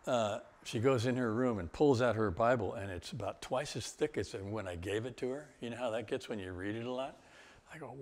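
Older man, guest speaker, rambling storytelling, low voice, chuckles and restarts. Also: brisk. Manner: rambling, with laughs and many restarts. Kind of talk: storytelling talk.

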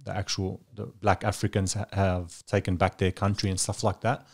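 A man's voice: sits low, level tone, moderate pace, creaky. A man, a podcast guest telling stories in casual, rambling chat full of fillers. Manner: rambling storyteller, many fillers.

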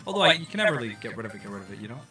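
Bright-voiced Scottish man streaming a game. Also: medium pitch, very animated, racing, faint music behind. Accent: softened Scottish. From Scotland. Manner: rambling, laid-back, lots of fillers. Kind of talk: casual livestream chat while playing.

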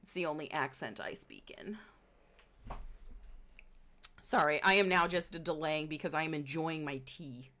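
A woman with an Indiana accent chats with her stream audience, her voice sitting on the lower side. She talks at an unhurried pace, full of dry jokes and easy laughter. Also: pushed and bright. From Indiana, United States. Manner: wry, joking, quick to laugh. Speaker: livestreamer. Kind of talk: casual chat with viewers.

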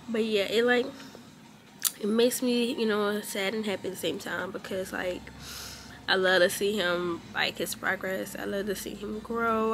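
Rambling young woman, soft room hum. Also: mid-range voice. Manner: rambling, emotional, many fillers. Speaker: vlogger, mother. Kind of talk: casual vlog talk.

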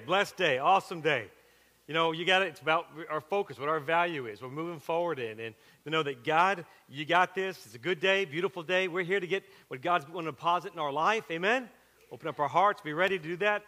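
A middle-aged Southern man preaching in a church, his voice pitched high and sounding bright and forceful. He tells stories in a chatty, animated way, full of asides, and the sanctuary gives it a long, ringing reverb. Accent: Southern with a Western Pennsylvania twist. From South Carolina. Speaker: pastor. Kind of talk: sermon with personal story.

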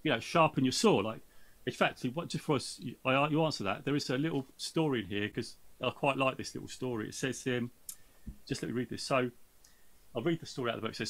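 A man's voice: medium pitch, fast. A man hosting a podcast in casual chat, rambling and breaking off mid-thought, sometimes reading aloud from a book. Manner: rambling, self-interrupting, reads aloud with lively voices for quotes. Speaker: podcast host.

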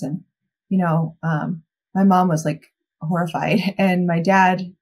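A woman's voice: fairly low pitch, fairly even intonation, slow, darkish tone, breathy edge. A young adult woman giving a candid, reflective personal account as a guest in a podcast interview.

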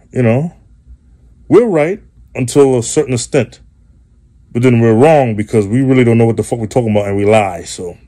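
A man's voice: medium pitch, mellow. A man hosting a show, delivering a rambling, profane comedic monologue. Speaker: host.

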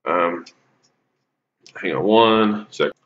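Deep-voiced man rambling over mobile gameplay. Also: drawn-out words, muffled recording. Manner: rambling, lots of ums, coughing and sneezing. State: sneezy with a cough. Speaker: gaming YouTuber. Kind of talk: casual gameplay commentary.

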